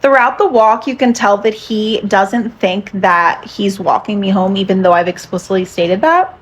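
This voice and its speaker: A young woman casually recounting a date in a sardonic, deadpan way, full of fillers. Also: medium pitch. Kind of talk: casual storytelling to camera.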